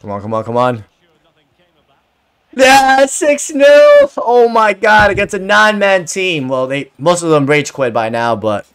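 A man giving excited commentary over his own soccer video game match, cheering, swearing and shouting at teammates. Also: on the high side, moderate pace, few pauses, clean tone. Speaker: gaming video creator.

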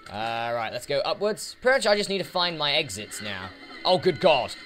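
A man's voice: on the high side, big pitch swings, normal speed, a bit bright. A man giving casual let's play commentary, chatting to the enemies on screen as he plays, with game music behind him. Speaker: gaming YouTuber.

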